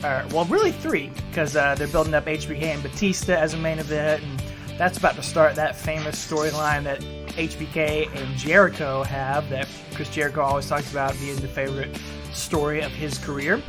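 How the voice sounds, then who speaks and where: A man's voice: fairly high pitch, a little fast, over music. Laid-back male podcast co-host. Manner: laid-back, recaps matches with fillers. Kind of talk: casual podcast chat.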